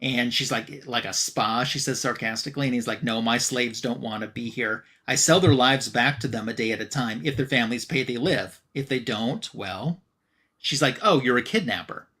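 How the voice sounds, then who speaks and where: A man co-hosting a fan podcast, recapping a comic book story in an easygoing, conversational way. He paraphrases characters' lines loosely, leaning on fillers and "he's like" as he goes. His voice sits at a middling pitch. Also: moderate pace, pushed and bright, breathy edge. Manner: retelling a comic plot with loose quoted dialogue, many fillers. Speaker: podcast co-host.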